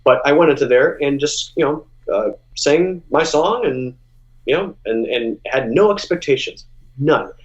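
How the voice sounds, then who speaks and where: A man, a musician guest, telling stories in a casual interview, animated and full of restarts, jumping high when he acts out what people said. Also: measured pace, dull audio.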